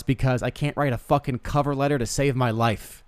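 A young man talking off the cuff in a comic monologue, mid-pitched and recorded dry and close. He rambles and restarts his sentences, and he pokes fun at himself as he goes. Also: fairly even intonation, fairly quick, clean tone, no room sound. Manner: rambling, self-deprecating, stammering restarts. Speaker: podcast host. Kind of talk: casual comedic monologue.

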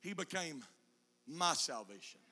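A man preaching a sermon, moving between quiet low teaching passages and shouted, sung climaxes with an "uh" before each phrase. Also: very animated, measured pace. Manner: whooping preacher cadence, "uh" between chanted phrases.

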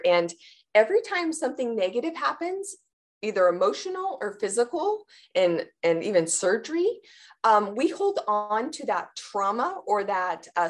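Woman, trauma therapist guest, animated explainer who gasps out panicked inner voices. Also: medium pitch. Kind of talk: explanatory interview answer.

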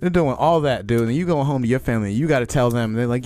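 A young adult man hosting a comedy podcast, ranting excitedly and often shouting. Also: on the high side, fast, soft background music. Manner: excitable, ranting, peppered with "you know what I'm saying". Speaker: podcast host. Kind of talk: comic ranting podcast chat.

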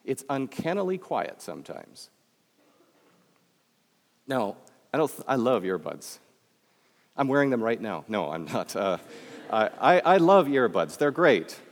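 A man from Michigan with a Midwestern American accent gives a public talk, conversational and joking, speaking straight to the audience. His medium-pitched voice has big pitch swings, an unhurried pace and frequent pauses, with a big-room sound.

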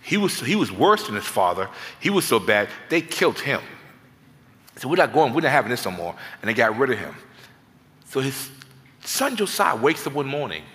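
Animated man preaching in a reverberant church. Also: medium pitch, normal speed, pauses often. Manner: animated, self-mocking, conversational. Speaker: guest pastor. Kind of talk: sermon with comic storytelling. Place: church sanctuary.

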